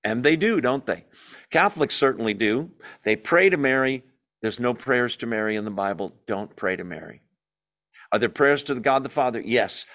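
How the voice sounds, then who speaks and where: A man with a voice of ordinary pitch leads a Bible study in a lively, emphatic way. He reads passages aloud, comments on them with opinionated asides, and keeps asking his listeners questions that he answers himself. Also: moderate pace.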